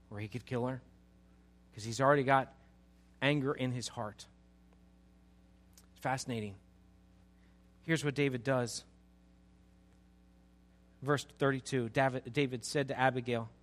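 A man preaching a sermon, addressing his congregation directly and rising into loud, emphatic passages. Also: medium pitch. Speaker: pastor.

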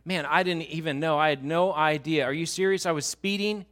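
A man's voice: on the high side, fairly quick, fairly bright tone, natural voice. A man voicing a flustered husband who plays innocent when caught by a police officer. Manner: feigning innocence.

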